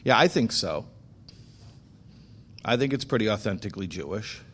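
A man speaking as a rabbi, telling stories about faith with slow, emphatic delivery. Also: fairly low pitch, a little hiss or hum. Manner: animated storyteller acting out dialogue. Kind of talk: storytelling talk on faith.

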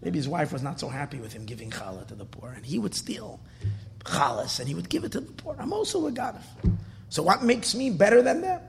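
A man, a rabbi, telling a story in a dramatic sermon style, swinging from shouts to hushed whispers. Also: fairly high pitch, sing-song, a little fast, creaky, slight background noise. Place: hall at a Torah dedication. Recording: long echo of a hall.

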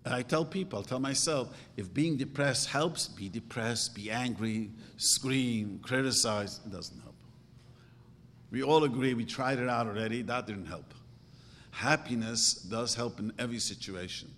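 A man's voice: medium pitch, unhurried, fairly bright tone, a little hiss or hum. Earnest man in an echoing hall. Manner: earnest, emphatic, storytelling with rising bursts. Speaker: rabbi giving advice. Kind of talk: informal religious talk.

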